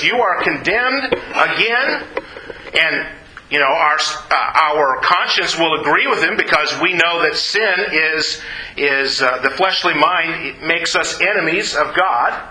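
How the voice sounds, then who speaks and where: A man teaching a Bible class, speaking haltingly with many repeated words and asking the group questions. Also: high voice, bright, forceful tone, reverberant, a little hiss or hum, poor audio.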